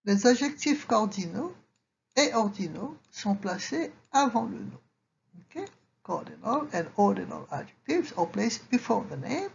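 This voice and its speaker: Lady teaching grammar, bit of vocal fry, kinda dull lo-fi mic with faint hiss. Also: mid-range voice, very animated, moderate pace. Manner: patient, explains each example in English and French, checks in with "okay?". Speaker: French teacher. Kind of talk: slide-based grammar lesson.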